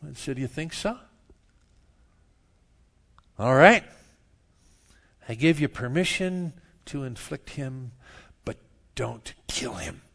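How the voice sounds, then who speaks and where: Animated preaching pastor, man. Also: a little high, vocal fry. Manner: animated, swings from quiet asides to loud outbursts. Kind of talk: sermon with storytelling.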